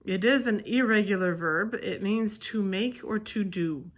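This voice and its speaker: A woman's voice: mid-range voice, measured pace. A woman teaching a recorded French textbook lesson, explaining grammar casually, with fillers and the odd self-correction.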